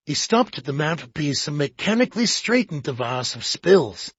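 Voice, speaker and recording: An audiobook narrator giving a measured, expressive reading of a detective play. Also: mid-range voice, breathy edge, no room sound. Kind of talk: scripted narration. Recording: dull lo-fi audiobook.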